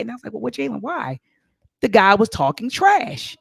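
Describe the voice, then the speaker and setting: A middle-aged woman co-hosting a casual talk show, telling stories with quoted dialogue in an animated way. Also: medium pitch, normal speed, gravelly, breathy edge, dry recording, clean studio sound. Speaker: co-host.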